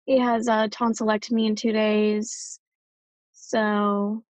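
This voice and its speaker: A woman in her thirties, a mother, talking in a weary, anxious, halting way. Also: medium pitch, level tone, darkish tone, no echo. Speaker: mother sharing an update. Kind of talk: casual monologue. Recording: dull, dry sound.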